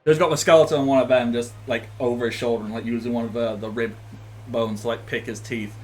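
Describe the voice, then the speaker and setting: A man's voice: mid-range voice, fairly even intonation, fast, a little mellow, soft background music. A man narrating as game master of a tabletop game, rambling with many fillers and restarts.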